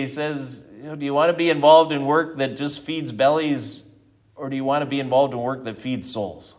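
A man's voice: mid-range voice, a bit bright. A middle-aged man, a pastor, preaching a conversational sermon that closes in prayer.

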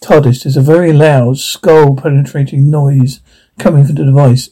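A man's voice: mid-range voice, steady tone, normal speed, dark tone. A man reading a script aloud, stage directions included, in a plain, unpolished way with stumbles.

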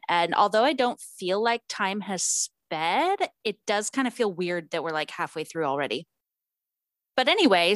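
Chatty female co-host, casual and rambling, mid pitch, dry room. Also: fairly bright tone, dry recording. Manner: chatty, uses fillers like um and like. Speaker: podcast co-host. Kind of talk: casual chat.

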